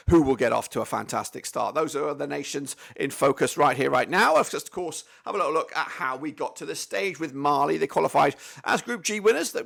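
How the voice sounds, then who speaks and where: A man's voice: on the high side, vocal fry, a bit bright. A man hosting a casual football match preview, chatty and upbeat, saying "of course" over and over. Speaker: football channel host.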